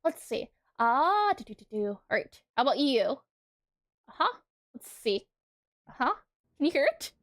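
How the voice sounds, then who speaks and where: Lively chatty woman streamer. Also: high voice, moderate pace, pauses often. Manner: chatty, talks to herself while clicking, reads out chat. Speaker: pixel art streamer. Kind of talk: casual live-stream chat.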